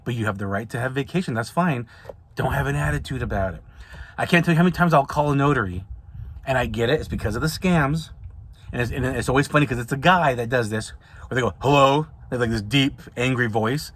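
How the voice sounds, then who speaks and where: A man's voice: medium pitch, quick pace, a bit bright, slight background noise. A man hosting an advice podcast, talking casually and informally, with frequent restarts and repetitions. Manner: conversational, repeats and restarts often. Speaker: podcast host, signing service owner.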